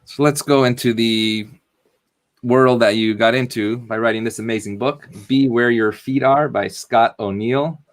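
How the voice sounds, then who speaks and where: A man's voice: medium pitch, steady tone, measured pace. A man, a rabbi, hosting an interview with engaged, sermon-like questions. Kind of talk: conversational interview.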